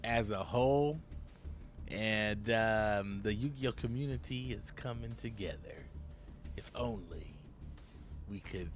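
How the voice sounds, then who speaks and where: A man's voice: on the low side, slow pace, pauses often, faint music behind. Hyped man doing card game commentary. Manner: hyped, slangy, repeats "my boy". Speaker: gaming YouTuber. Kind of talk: casual gameplay commentary.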